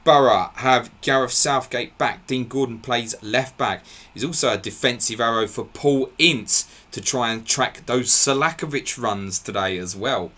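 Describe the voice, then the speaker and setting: A man hosting a live football podcast, briskly reeling off team line-ups and laughing at his own slips. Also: medium pitch, sharp tone. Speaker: podcast host.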